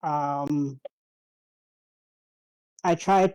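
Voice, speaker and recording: A woman playing a tabletop game in a low, mellow voice. She politely lays out her character's actions and asks for rolls. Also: fairly even intonation, measured pace, pauses often, low-quality recording. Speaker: player.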